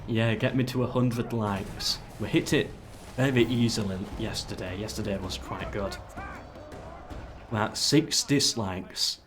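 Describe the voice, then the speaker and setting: A man's voice: lowish voice, unhurried. A man casually commenting while playing a strategy game live, ordering his troops and chatting with viewers. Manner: chatty, gives orders to troops, talks to chat. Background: game music.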